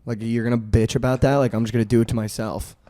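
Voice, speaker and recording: A man's voice: medium pitch, flat delivery. A young man telling a rambling party story on a podcast, peppering every phrase with "like". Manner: rambling, heavy use of "like", quick swings in loudness. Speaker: podcast host. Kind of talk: casual storytelling chat.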